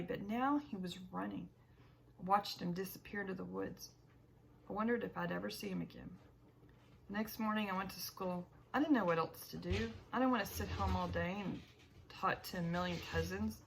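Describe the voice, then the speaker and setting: A woman reads an audiobook in the first person at a measured pace and corrects herself now and then. Her voice has a gravelly fry at mid pitch, and a faint hiss sits under the recording. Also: rough recording. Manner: measured reading with small self-corrections. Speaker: audiobook narrator.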